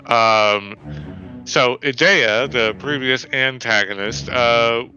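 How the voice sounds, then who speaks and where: A man's voice: mid-range voice, slow pace, sharp tone. A man co-hosting a podcast, recapping in a rambling, hesitant way and casually swearing. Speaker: podcast co-host, new player. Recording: dull lo-fi sound, faint music.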